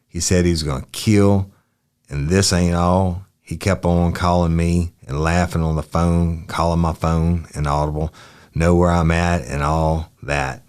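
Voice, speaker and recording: A man's voice: sits low, little pitch movement, measured pace, a little mellow, clean tone. A man reading out the answers of a young male witness in a police interview, polite and brief. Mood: plain. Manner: short answers, polite "yes, sir".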